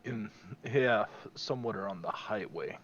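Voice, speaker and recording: A man playing a tabletop role-play character, speaking slowly and menacingly, often dropping to a whisper. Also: fairly low pitch, fairly bright tone, dull audio, a little hiss or hum. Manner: slow, menacing, drops into whispers. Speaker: player.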